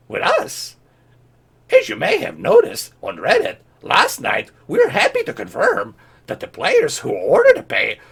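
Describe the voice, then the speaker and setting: Yoda, a man doing a squeaky parody. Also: vocal fry, a bit bright, full character voice. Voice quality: very high squeaky falsetto. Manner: mocking parody reading of ad copy. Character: tiny ancient male alien sage, squeaky.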